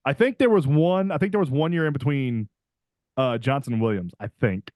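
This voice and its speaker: A man's voice: medium pitch, brisk, darkish tone, no echo, studio quality. A young man co-hosting a podcast, chatting eagerly about football and saying "like" a lot. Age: young adult. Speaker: podcast co-host. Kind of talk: casual sports chat.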